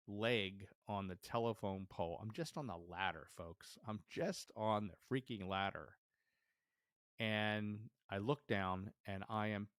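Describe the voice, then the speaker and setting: A man hosting a podcast, telling a personal story in a lively way and acting out the dialogue he remembers. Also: fairly low pitch, measured pace, clean tone, no echo, clean studio sound. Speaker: podcast host.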